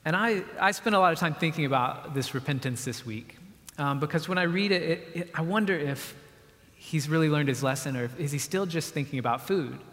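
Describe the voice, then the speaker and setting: A man's voice: a little high, fairly quick, a bit bright. Man preaching in a reverberant hall. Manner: conversational and explanatory, with acted-out quotes. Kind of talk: sermon.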